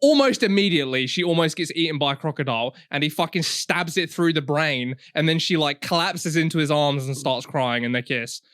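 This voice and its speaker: Young man telling crude stories, high-pitched. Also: fairly quick, hardly any pauses, smooth. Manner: swearing, laughing, animated storytelling. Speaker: podcast co-host. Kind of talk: casual crude podcast chat.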